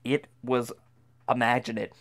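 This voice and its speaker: A man's voice: mid-range voice, flat delivery, unhurried, a bit bright. A man telling a comic tall tale as a dramatic monologue, stammering and restarting often. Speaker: storyteller.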